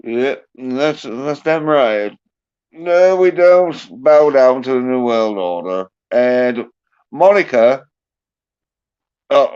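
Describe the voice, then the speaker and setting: Brief: slow, halting male streamer, casual swearing, muffled lo-fi sound. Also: mid-range voice, darkish tone, clean tone. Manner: halting, profane, joking. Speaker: host. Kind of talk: casual livestream chat. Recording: muffled lo-fi audio.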